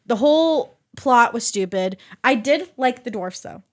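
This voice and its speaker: Animated young woman recapping a movie. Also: fairly high pitch, unhurried. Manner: animated retelling with acted quotes and laughs. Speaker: podcast panelist. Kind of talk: casual chat.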